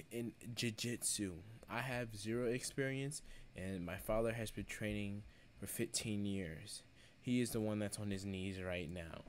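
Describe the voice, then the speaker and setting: Deadpan boasting young man vlogger. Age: young adult. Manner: deadpan boasting, mock trash talk, drops to quiet low mumbling. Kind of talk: joking voice-over commentary. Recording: crowd noise behind.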